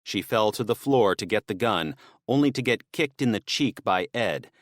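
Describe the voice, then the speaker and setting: This is scripted audiobook narration by a man with a fairly low pitch, delivered at a steady, measured pace. The recording is dry and has clean studio sound.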